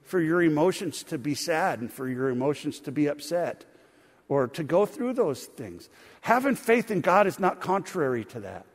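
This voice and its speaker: Middle-aged pastor guy telling family stories in his sermon, kinda high voice, big echoey church. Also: big pitch swings, moderate pace, slightly rough. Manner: folksy storytelling, addresses congregation as friends. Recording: long hall reverb.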